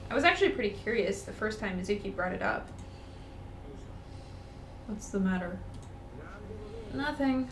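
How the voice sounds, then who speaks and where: A woman co-hosting a let's-play, reading the game's narration aloud and breaking into excited chatter. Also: mid-range voice, recorded from a distance. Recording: roomy echo, off-mic, faint noise.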